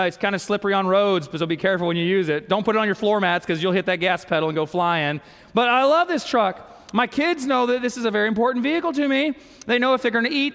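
A high, smooth, resonant man's voice with a drawl, a middle-aged pastor preaching. He tells a homespun story and often drops to a near-whisper. The sound carries a long reverb, as if in a big hall. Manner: folksy, animated storytelling with sudden soft drops. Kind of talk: storytelling sermon.

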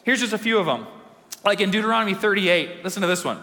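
A young man preaching a sermon as pastor, energetic and emphatic, with dramatic slow pauses. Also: sits high, creaky. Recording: long hall reverb.

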